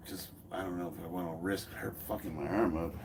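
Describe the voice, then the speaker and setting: A man's voice: deep voice, fairly even intonation, fairly quick, noisy background. Blunt joking man in his forties. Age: 40s. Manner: blunt, joking, laughs often, swears freely. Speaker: fitness YouTuber. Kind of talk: casual chat while lifting in a garage, reading comments aloud. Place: home garage gym.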